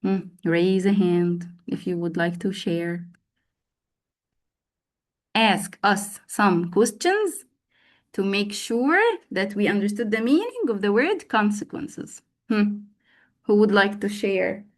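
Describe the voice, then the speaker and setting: A woman's voice: medium pitch, animated, slow pace. A woman training teachers in an online class, prompting participants and repeating words for emphasis. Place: online video call.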